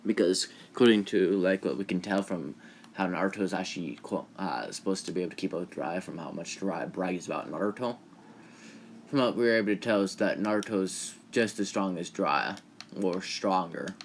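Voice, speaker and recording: Low-voiced young man rambling casually. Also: fairly quick, a little hiss or hum. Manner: filler-heavy, distracted, swears casually. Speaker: anime fan storyteller. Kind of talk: casual rambling fan-fiction retelling.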